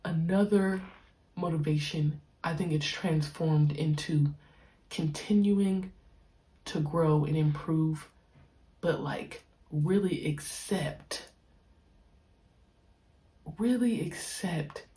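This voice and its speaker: Young woman podcaster, deep low voice, laid-back slangy monologue, drags out words. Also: steady tone, dark tone. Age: young adult. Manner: slangy, stretches key words slowly. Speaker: podcast host, pro basketball player. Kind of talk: casual reflective monologue.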